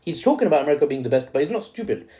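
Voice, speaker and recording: Guy doing solo political commentary, casual and analytical, mellow dark voice. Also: a little high, big pitch swings, rapid-fire. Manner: casual and analytical, asks "right?" after points, playful asides. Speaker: host and geopolitics commentator.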